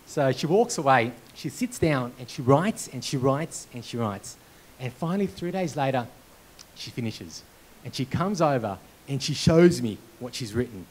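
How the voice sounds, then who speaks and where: At a conference hall, a man delivers a motivational keynote, animatedly telling personal stories with sharp comic timing. His voice is medium in pitch and paced normally, though the recording is low quality.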